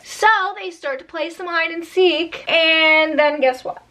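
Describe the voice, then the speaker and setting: A woman narrating a spooky tale in casual storytime style, chatty and animated with slangy asides. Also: extremely high pitch, takes it slowly.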